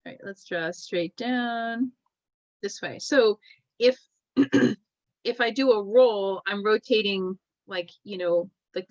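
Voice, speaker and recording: A woman teaches a classroom lecture in a middle-pitched voice, walking through each point as she draws and pausing to ask "right?". The recording is dull and lo-fi, with a dry, close sound. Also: no echo. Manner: explains while drawing, checks in with "right?" often.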